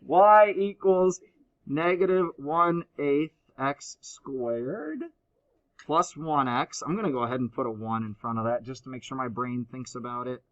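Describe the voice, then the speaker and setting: A man teaching a high school math class, explaining step by step and teasing his students. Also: unhurried, dull audio. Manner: playful, teasing banter with students. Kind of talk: classroom lecture.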